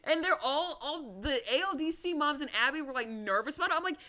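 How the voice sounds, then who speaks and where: A woman's voice: sits high, fast talker. A woman co-hosting a podcast, recapping a reality show in a casual, profane, sarcastic rant. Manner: profane, sarcastic, animated ranting. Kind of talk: casual chat.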